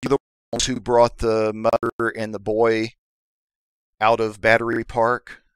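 A man's voice: mid-range voice, completely flat delivery, unhurried, clear, resonant tone, no echo, lightly acted. A man voicing a mysterious, grave swordsman with a thick Spanish accent, speaking in cryptic, solemn pronouncements.

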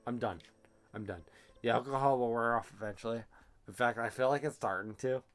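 A man streaming a game while drunk, talking in a rambling, self-deprecating way, swearing and trailing off into quiet mumbles. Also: mid-range voice, brisk, faint music behind. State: drunk, slurring. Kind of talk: casual gaming stream chat.

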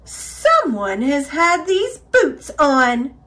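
A woman's voice: high voice, sing-song, drawn-out words, fairly bright tone, heavily acted. A woman voicing a fussy middle-sized female mama polar bear in a storybook, huffing and growling. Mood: huffy. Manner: huffy, growling.

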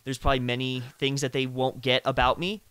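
A man's voice: level tone, brisk, fairly bright tone, clear, resonant tone, dry recording. A man in his twenties hosting a casual interview, talking earnestly and at length before turning to his guest's questions. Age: 20s. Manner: earnest and talkative, trailing off low. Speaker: host, interviewer. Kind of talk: casual video call chat.

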